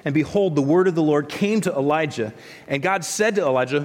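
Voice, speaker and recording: A man's voice: a little high, a little fast, darkish tone. Male preacher in an echoing hall. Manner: conversational, with frequent restarts and asides. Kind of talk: sermon. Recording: long echo of a large hall.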